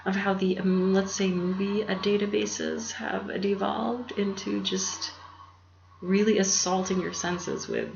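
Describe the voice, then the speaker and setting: A woman hosting her own channel, rambling in a soft, half-whispered, meandering way and laughing often, recorded on a laptop. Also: medium pitch, fairly even intonation, unhurried, creaky. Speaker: YouTube channel host. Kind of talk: rambling casual monologue. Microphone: laptop mic. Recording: roomy, dull lo-fi with faint hum.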